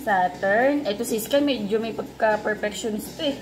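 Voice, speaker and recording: A woman's voice: mid-range voice, moderate pace. A young Filipino mother vlogging at home, soothing and coaxing her child as she chats. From Philippines. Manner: soothing, coaxing a child, switching Tagalog and English. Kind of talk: casual home vlog. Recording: background music over voice.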